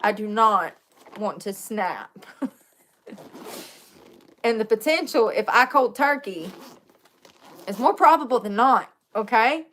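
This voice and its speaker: A woman's voice: a little high, expressive, slow pace, pauses often, a bit bright, a little hiss or hum. A young woman chatting casually with viewers while doing her makeup, joking and confessional, laughing often. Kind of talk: casual live-stream chat.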